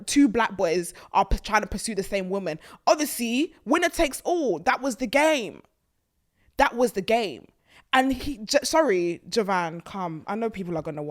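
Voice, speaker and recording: A woman, hosting a casual talk about a reality TV show, animated and mocking as she acts out the people she talks about. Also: fairly high pitch. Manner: animated, mocking, quotes people in put-on voices. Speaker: host.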